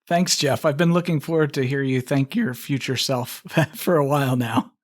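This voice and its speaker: A man talking about his tabletop game on a podcast in a friendly, relaxed way. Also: mid-range voice, moderate pace. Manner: friendly, relaxed, mildly dramatic when reading. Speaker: podcast guest and game designer. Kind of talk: casual chat and reading an intro aloud.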